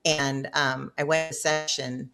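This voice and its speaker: Middle-aged woman guest, low voice, warm-humored, chatty storyteller who laughs often. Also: level tone, unhurried, vocal fry, soft background music. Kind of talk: casual storytelling.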